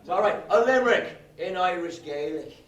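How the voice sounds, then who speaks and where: High-voiced man teasing a live crowd. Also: lively intonation, moderate pace, lo-fi sound. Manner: teasing the crowd, ends lines with "all right?". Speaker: comedic performer. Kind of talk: live comedy set with guitar. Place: live venue before an audience. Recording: roomy live room, mic from a distance. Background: guitar music.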